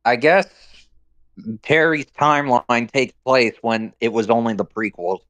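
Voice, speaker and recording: A man's voice: mid-range voice, unhurried, fairly bright tone, no echo. A man in a casual watch-along chat who makes short, wry remarks. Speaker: co-host.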